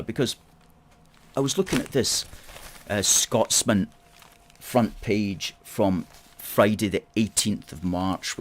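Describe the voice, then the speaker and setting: Male host, middle-aged, low-pitched, emphatic and repetitive political monologue. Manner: emphatic, repeats key phrases, rhetorical "okay?". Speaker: campaign group host.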